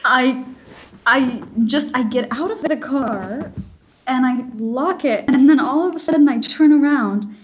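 A woman's voice: high voice, unhurried, a little hiss or hum. Giggly woman telling a story. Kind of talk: casual chat.

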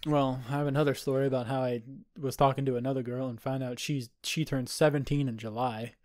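A man's voice: mid-range voice, fairly even intonation, brisk, a little mellow, no room sound, studio quality. A man in his twenties, co-hosting a podcast and telling a rambling, profane party story in casual chat. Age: 20s. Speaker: podcast co-host.

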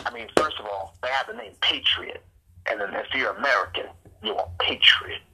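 Casting: husky man in his thirties, sports podcast co-host, loose and fired-up trash talk, a bright, forceful edge to his voice. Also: mid-range voice, sing-song, normal speed, rough recording. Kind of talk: casual sports podcast rant.

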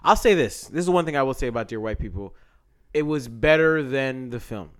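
A man's voice: mid-range voice, lively intonation, a little fast, clean tone. A young man co-hosting a podcast in casual, jokey chat, often laughing. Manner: laughs often, jokey, puts on mock voices. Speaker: podcast co-host.

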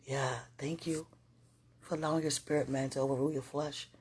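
A woman's voice: very deep voice, steady tone, brisk, a little hiss or hum. A woman talking casually and emotionally to a viewer, rambling and affectionate, often speaking of God and dropping to near-whispers. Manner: rambling and affectionate, with frequent religious talk; soft-spoken, drifting into near-whispers.

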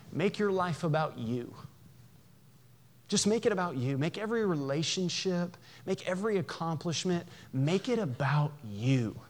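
A man preaching a sermon in a church, conversational and animated, with jokes and acted-out voices. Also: a little high. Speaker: pastor.

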